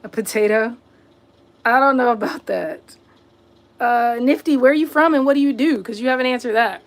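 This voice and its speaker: A woman's voice: fairly high pitch, normal speed. Sassy woman talking back to a livestream chat. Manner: sassy, confronting chat commenters directly; talks to viewers as y'all and buddy. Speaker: livestream host. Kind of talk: casual livestream chat reading comments.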